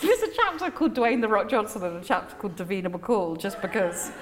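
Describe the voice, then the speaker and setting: A woman speaks on stage in a candid, rambling, self-deprecating way, full of fillers and restarts. Her voice sits at an ordinary pitch. The sound carries a long hall reverb from the live venue. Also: sing-song, fast, over music. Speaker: author guest. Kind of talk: candid conversation at a live festival event. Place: large venue with a live audience.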